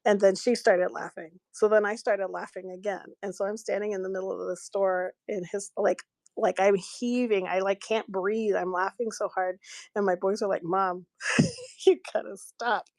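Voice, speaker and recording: A woman's voice: medium pitch, fairly even intonation, normal speed, creaky, a little mellow, no echo. A middle-aged woman chatting on a craft live stream, telling stories and laughing often while she works.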